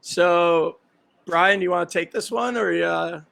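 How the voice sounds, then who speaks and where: A man's voice: high-pitched, a little slow, vocal fry, fairly bright tone. A man hosting a podcast in casual chat, playful and teasing as he sets up guessing games. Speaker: podcast host.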